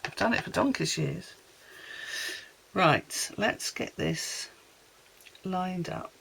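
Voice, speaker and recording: Chatty homely woman crafter, bright tone. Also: fairly low pitch, takes it slowly, vocal fry, a little hiss or hum, rough recording. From Wales. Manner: chatty, homely, rambling asides while working. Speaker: card-making crafter. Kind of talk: casual crafting tutorial chat.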